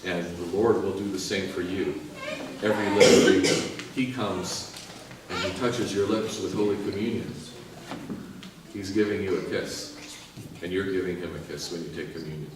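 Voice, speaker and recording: Priest preaching in an echoey church. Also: male voice, sits low, normal speed, recorded from a distance, background noise. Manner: lively, joking, urging. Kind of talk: sermon. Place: large church.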